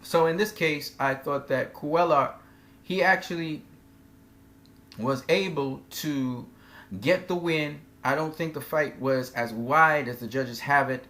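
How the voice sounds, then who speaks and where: A man giving an opinionated, conversational recap of weekend boxing results, slowing down to stress names and points. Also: a little high, sharp tone. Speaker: boxing commentator. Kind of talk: casual fight recap.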